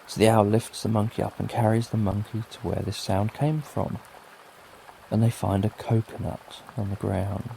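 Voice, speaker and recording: A middle-aged British man telling a soothing bedtime story in a gentle, lulling way. His voice sits low, dark and mellow, with a gravelly edge. Soft rain falls faintly behind him. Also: steady tone, moderate pace, slight background noise. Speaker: sleep story narrator.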